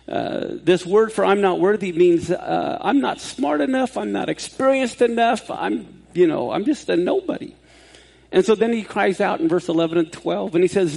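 Male pastor, high husky voice; conversational sermon, builds to excitement in anecdotes. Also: moderate pace. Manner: conversational, rising to excited laughter when storytelling. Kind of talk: sermon with personal storytelling.

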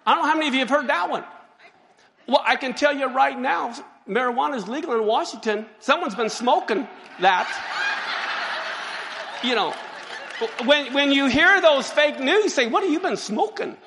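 Animated preacher man, gravelly high voice. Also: moderate pace, long pauses, slight background noise. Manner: animated, joking, exclaims and laughs often. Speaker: pastor. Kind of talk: sermon. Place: church sanctuary. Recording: long hall reverb.

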